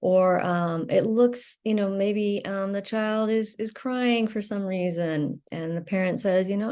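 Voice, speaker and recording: A woman's voice: medium pitch, measured pace, few pauses, mellow, clean tone. A woman giving an unscripted educational talk for her video channel, explaining in a loose, conversational way and searching for her words as she goes. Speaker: video creator on emotional recovery.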